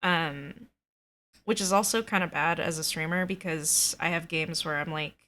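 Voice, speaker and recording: A woman runs a tabletop game and chats with her players in a loose, rambling way, with plenty of fillers. Her voice sits a little low but sounds bright and forward. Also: moderate pace. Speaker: dungeon master. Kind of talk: casual chat.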